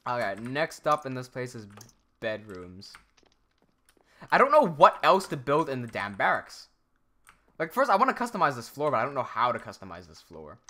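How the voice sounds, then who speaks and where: A man's voice: medium pitch, pushed and bright. A young adult man chatting casually on a live stream while gaming, rambling and often cutting himself off. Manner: rambling, self-interrupting, reads chat aloud.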